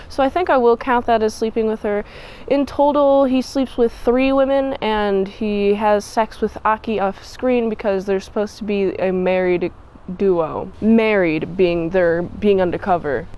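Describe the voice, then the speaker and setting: A woman's voice: mid-range voice, darkish tone, clear, resonant tone, low-quality recording. A woman giving a chatty, playful movie review outdoors in cold wind, shivering as she talks. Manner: chatty, gushing, playful asides.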